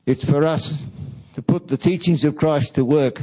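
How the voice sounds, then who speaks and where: A man giving a reflective talk to a church audience, speaking in a slow, measured way. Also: fairly high pitch, mellow, poor audio. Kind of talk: reflective talk, reading song lyrics aloud.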